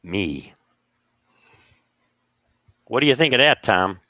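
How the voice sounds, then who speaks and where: A man tells stories in casual talk with a very lively, animated pitch. He acts out the people he quotes. The sound is dry and close, with no room echo. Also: slow. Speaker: podcast co-host telling stories. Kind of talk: casual storytelling.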